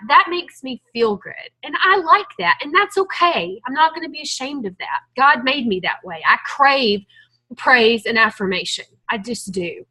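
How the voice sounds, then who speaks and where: A woman's voice: sits high, lively intonation, moderate pace, pushed and bright, low-quality recording. A woman leading a team call, giving an earnest, emotional motivational talk to her group. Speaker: team leader on a coaching call.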